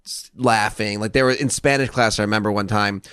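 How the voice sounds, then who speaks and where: A man's voice: on the low side, steady tone, a little fast, a bit bright, clear, resonant tone, no echo, studio quality. A man guesting on a podcast, telling stories in casual chat, laughing and swearing as he goes. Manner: laughs through stories, swears, acts out quotes.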